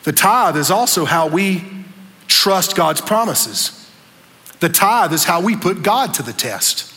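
A man preaching a sermon on a church stage, fervent, rising to shouts on key words. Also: high-pitched, expressive, slow pace. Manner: fervent, shouting peaks, Southern preacher cadence. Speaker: pastor. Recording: long reverb of a large hall.

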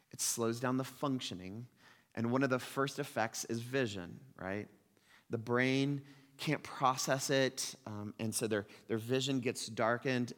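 A man's voice: medium pitch, fairly bright tone. A male pastor delivering a sermon in a loose, conversational way, often tossing questions back to his listeners. His voice sits mid-range and carries a long reverb from a large hall.

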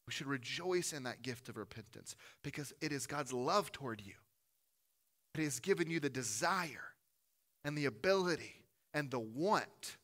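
Bright-voiced man preaching with swings in volume. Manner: earnest, swings from loud emphatic peaks to soft low asides. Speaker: pastor. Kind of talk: sermon. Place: church room with a gathered congregation.

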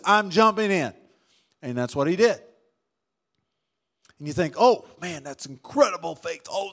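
A male pastor with a notably high voice delivers a sermon. He shifts between forceful emphasis and quiet, drawn-out lines, and calls on his listeners to respond. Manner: dynamic preaching, swings from loud to hushed, calls on congregation.

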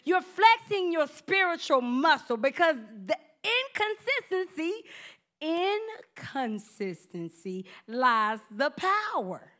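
Bright high-voiced woman preaching. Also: very animated, slow. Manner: humorous, acts out everyday scenes; conversational, addresses listeners directly. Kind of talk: sermon.

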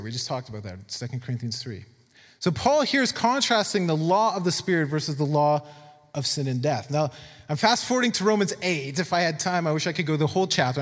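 A man preaching a sermon, reading scripture aloud with earnest, animated emphasis. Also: fairly high pitch, in a large hall. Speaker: pastor.

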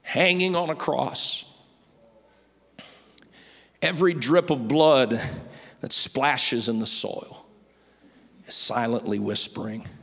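A pastor preaching with a fairly high voice for a man. He swings between loud, driving emphasis and hushed near-whispers, and his words ring out into the long reverb of a large hall. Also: expressive, takes it slowly, pauses often. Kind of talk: sermon.

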